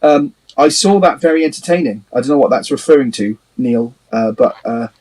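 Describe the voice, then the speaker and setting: A band member hosts a livestream, chatting casually and rambling, laughing often and swearing a bit. His medium-pitched voice is brisk with a darkish tone, and the audio is poor.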